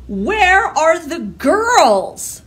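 A woman's voice: high-pitched, sing-song, slow, full character voice. A woman reading the part of a determined young schoolgirl in a picture book, asking earnest, indignant questions.

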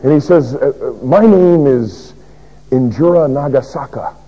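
A male pastor delivers a dramatic sermon in a husky, mellow voice. He swings from loud proclamation to near-whispers. The old recording sounds dull and lo-fi. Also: medium pitch, expressive, unhurried. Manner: shifts between loud declaration and hushed whisper. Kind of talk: dramatic first-person sermon.

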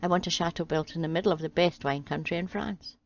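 A woman's voice: lowish voice, quick pace, muffled recording, lightly acted. A woman playing a cold, demanding secretary. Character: cool-headed young female secretary.

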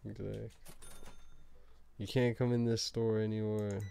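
A man's voice: on the low side, level tone, unhurried, creaky, warm tone, smooth. A young man from Canada, playing a game and chatting in a laid-back way with a friend, often laughing and saying "bro". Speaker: gamer. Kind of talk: casual banter while gaming.

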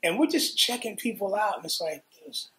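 A middle-aged man with a New York accent telling profane, animated stories in a casual interview. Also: high voice, brisk. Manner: profane, animated, acts out quotes. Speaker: interviewee, guitarist. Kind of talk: casual storytelling.

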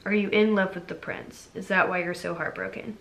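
A woman's voice: medium pitch, steady tone, fairly quick, creaky, fairly bright tone. A young adult woman retelling a fairy tale for a movie review vlog, chatty and full of fillers. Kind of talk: casual storytelling review.

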